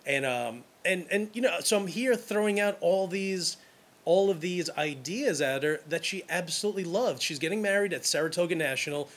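A man's voice: on the high side, a bit bright. Enthusiastic rambling man. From Brooklyn, New York. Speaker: wedding photographer. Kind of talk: casual advice talk.

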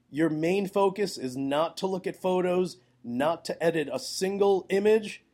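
A man's voice: on the high side, a little mellow. A man hosting a solo podcast, talking energetically and emphatically about his photography business in a conversational way, with a groggy voice. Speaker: podcast host, wedding photographer. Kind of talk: solo podcast advice talk.

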